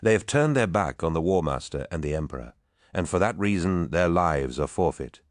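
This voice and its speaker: A man's voice: sits low, animated, moderate pace, dry recording, clean studio sound. A man doing a grim, curt warrior first captain. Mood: stern. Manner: curt, bellowing. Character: grim blunt male first captain, warlike.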